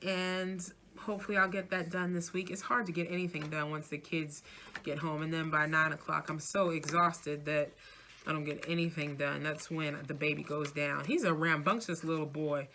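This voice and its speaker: Bright, chatty New York-born woman. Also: low voice, moderate pace, a little hiss or hum. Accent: mixed New York, Midwest, Southern and Louisiana. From New York City. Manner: chatty and animated, laughing easily. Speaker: vlogger and minister. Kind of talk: casual planner flip-through chat.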